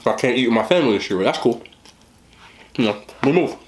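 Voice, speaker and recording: A man's voice: medium pitch, expressive, quick pace, slight background noise. Man chatting while eating, echoey room. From West Indian family. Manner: chatty, talks with mouth full. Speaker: mukbang host. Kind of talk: casual eating vlog chat.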